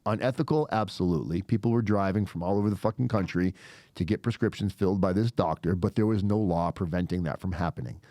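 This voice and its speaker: Guy in his 40s, kinda low voice, swearing while he tells a story on a podcast, does the voices, dry close sound. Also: fast talker, no room sound. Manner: animated, swears a lot, acts out quoted voices. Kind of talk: casual storytelling. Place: podcast studio.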